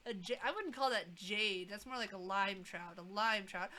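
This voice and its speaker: A woman's voice: medium pitch, moderate pace, few pauses, bright, forceful tone. A woman in her thirties casually commenting while streaming a game, with wry, chatty asides.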